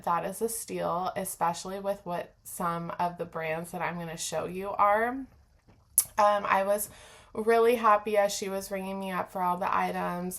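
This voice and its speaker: A woman hosting her own reselling vlog, chatting in a friendly, casual way straight to her viewers about her finds. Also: lowish voice. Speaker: reseller vlogger, channel host. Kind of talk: casual haul vlog chat.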